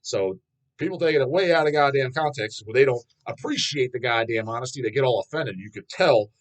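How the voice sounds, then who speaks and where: A man's voice: mid-range voice, a little fast, poor audio. A man in his thirties who hosts his own channel, answering fan questions in a rambling, blunt monologue full of swearing. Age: 30s. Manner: profane, blunt, swears constantly, laughs at himself.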